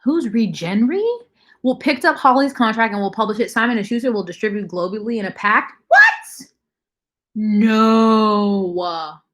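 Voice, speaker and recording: A young woman hosts a casual livestream, reading out viewer comments and answering them bluntly. She swears freely and talks in an offhand, conversational way. Her voice sits at an ordinary middle pitch. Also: measured pace. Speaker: livestream host.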